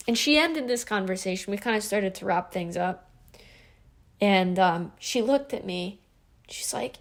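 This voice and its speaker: A woman's voice: mid-range voice, a little slow, long pauses. A woman in her twenties talking to camera in a casual, reflective vlog, earnest and rambling, with lots of fillers and restarts. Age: 20s. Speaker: vlogger.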